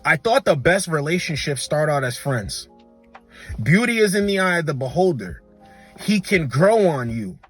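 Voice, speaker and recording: A man's voice: on the high side, a bit bright. A man giving blunt, slangy reaction commentary, repeating words for emphasis. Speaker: dating commentator.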